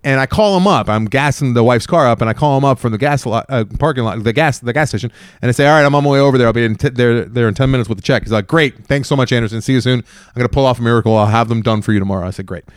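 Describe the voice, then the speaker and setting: A man's voice: medium pitch, rapid-fire, clean tone, dry recording. Man, podcast host, casual storytelling, rambling, frequent restarts, dry close sound. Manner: rambling, animated retelling with many restarts.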